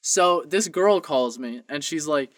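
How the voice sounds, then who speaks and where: Young guy podcasting, tells stories and does all the voices, kinda high voice, dry close mic. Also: unhurried, no echo. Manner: animated, acts out both sides of calls. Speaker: podcast co-host. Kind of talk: casual storytelling.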